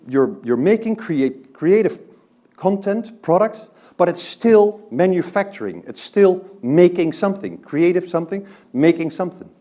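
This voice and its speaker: Male speaker giving a live talk, warm mellow tone, very animated delivery, chatty asides to the audience. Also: a little high. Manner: conversational, often checks in with "right?". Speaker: presenter.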